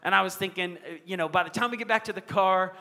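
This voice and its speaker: A middle-aged man preaching from a church stage, his voice high and bright. He leans into emphatic call-and-response lines, and the long reverb of the sanctuary trails behind each phrase. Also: fast talker. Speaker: pastor. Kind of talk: sermon.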